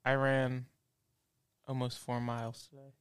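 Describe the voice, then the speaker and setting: A man's voice: medium pitch, completely flat delivery, unhurried, clean tone. A young man co-hosting a casual podcast, rambling and self-mocking, often laughing at himself. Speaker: podcast co-host. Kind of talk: casual chat.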